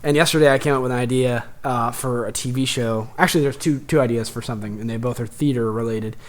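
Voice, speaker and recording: A man's voice: medium pitch, fairly even intonation, fast talker. A young man co-hosting a casual comedy podcast, rambling through an idea and laughing as he talks. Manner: rambling, laughs often, acts out characters in his story. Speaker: podcast co-host. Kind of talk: casual chat.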